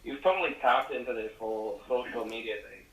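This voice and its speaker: A man's voice: medium pitch, a little fast, a bit bright. A man calling in to a livestream, praising the host in an effusive, rambling way with many fillers. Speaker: caller. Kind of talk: phone-in call. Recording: roomy, distant phone call.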